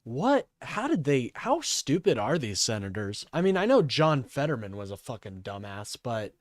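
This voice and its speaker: A man's voice: mid-range voice, sing-song, moderate pace, no echo, clean studio sound. A man live streaming commentary, ranting and swearing in exasperation.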